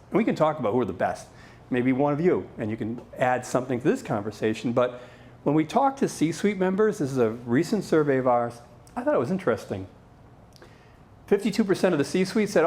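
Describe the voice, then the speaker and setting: Brief: middle-aged male keynote speaker, lively swooping delivery, slightly high voice, teasing asides. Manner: playful, joking asides to the audience. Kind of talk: live conference talk.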